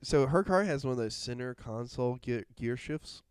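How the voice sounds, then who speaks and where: A man whose voice sounds sick, chatting on a podcast with a lively, swinging pitch. He teases the others and keeps breaking into laughs, with a middle-range voice. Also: normal speed, clear, resonant tone, no room sound, studio quality. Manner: teasing, laughs often. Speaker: podcast co-host. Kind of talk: casual chat.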